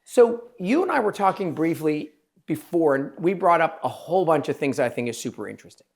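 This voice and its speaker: A man, a plastic surgeon hosting a podcast, talking in an emphatic, rambling way and quoting his patients in quick asides. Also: a little high, big pitch swings, creaky. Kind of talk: casual interview chat.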